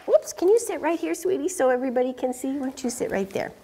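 A woman reading a picture book aloud to young children, in an animated, sing-song, coaxing way. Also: high-pitched, quick pace. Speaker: children's storyteller. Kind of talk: storytime read-aloud to children.

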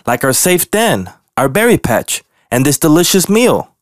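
A man's voice: on the high side, big pitch swings, normal speed, no room sound, clean studio sound, pitched above the performer's own voice. A man voicing a grumpy young grizzly bear cub in a storybook reading, raised a little above his own voice. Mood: cheerful. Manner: complaining, later cheerful chant.

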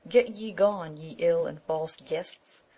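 Treacherous mocking knight, read by a woman, scornful, low voice. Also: slow, warm tone, slightly rough. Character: treacherous male knight taunting foes.

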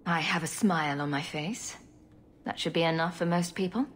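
A woman's voice: on the low side, normal speed, a little hiss or hum, natural voice. An actress voicing a composed woman hero in a game who speaks in a dry, guarded way.

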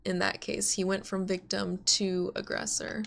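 A woman's voice: mid-range voice, little pitch movement, normal speed, vocal fry, fairly bright tone, slight background noise. An American woman playing a game and chatting casually about it, giggly and talkative. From United States. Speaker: game streamer. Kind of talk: casual let's play commentary.

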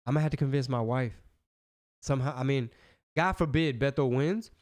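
A man hosting a podcast in casual political chat, animated and slangy, often restarting his sentences. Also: mid-range voice, normal speed. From Texas. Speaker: podcast host.

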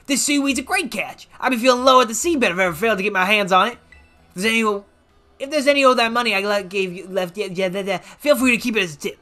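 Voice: medium pitch, fast, pushed and bright, faint music behind, close to an everyday voice. A gamer doing a rowdy old seafood-loving gym leader with a Southern drawl. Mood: boisterous. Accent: American Southern (put on). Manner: boisterous, drawling, exclamatory. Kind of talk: reading game dialogue aloud.

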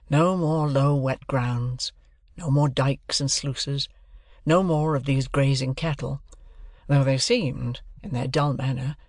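Male audiobook narrator, measured even reading, mid pitch, dry close recording. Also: no echo.

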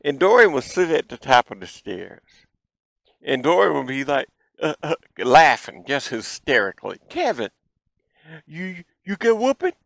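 A man in his fifties hosting a show, telling childhood stories in a folksy, animated way. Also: medium pitch, moderate pace, gravelly, no echo, rough recording. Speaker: show host. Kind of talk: storytelling childhood memories.

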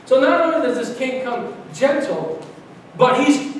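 A man from Brooklyn, preaching an animated sermon as pastor, often restarting and repeating himself. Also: very high-pitched, measured pace, a little hiss or hum. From Brooklyn, New York. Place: large church sanctuary. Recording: very echoey church from far off.

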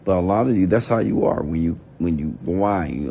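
Man, middle-aged, livestream mentor ranting late at night: blunt, profane, gravelly. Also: low voice, moderate pace, hardly any pauses, warm tone. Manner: blunt, profane, mocks whiny voices. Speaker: entrepreneur and mentor hosting a livestream. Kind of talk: late-night motivational rant.

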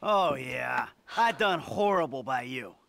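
A grumpy middle-aged game crook, sarcastic, swears a lot, bright voice that jumps around. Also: male voice, mid-range voice, expressive, vocal fry. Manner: sarcastic, cursing, quick-tempered. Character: jaded, foul-mouthed middle-aged male ex-criminal. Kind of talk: video game cutscene acting.

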